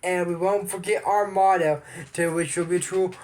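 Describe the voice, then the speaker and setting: A man's voice: sits high, flat delivery, moderate pace, a little mellow, natural voice. A young man voicing a bossy young princess, in a raised, haughty, preachy voice.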